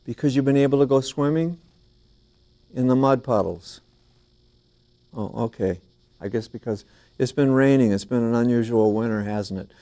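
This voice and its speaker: A man hosting a children's TV show in a small studio, singing and chatting playfully and gently with young viewers and a puppet duck. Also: mid-range voice, normal speed, pauses often. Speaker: children's TV host.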